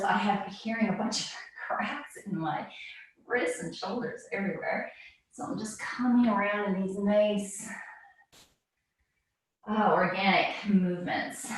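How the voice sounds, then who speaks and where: Calm woman guiding a yoga class. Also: mid-range voice, very echoey, distant mic, low-quality recording. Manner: calm, cueing breath and movement. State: a little out of breath. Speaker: yoga instructor. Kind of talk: guided yoga class instruction.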